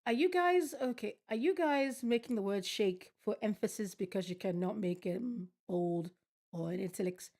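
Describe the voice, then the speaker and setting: A woman's voice: mid-range voice, normal speed, warm tone. A woman streaming a game, reading its text aloud and reacting with bemused, swearing commentary. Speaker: gaming streamer. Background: game music.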